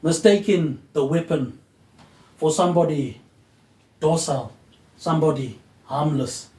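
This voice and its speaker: A man hosts a rambling philosophical monologue. His train of thought drifts loosely, and he closes nearly every phrase with a quieter tag word. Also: a little high, measured pace. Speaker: host. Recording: echoey room.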